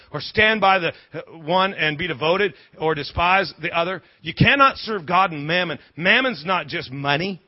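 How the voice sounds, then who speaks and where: A male pastor preaching a sermon in an animated, humorous way, with quick asides and lots of repeated words. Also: high-pitched, no echo, lo-fi sound.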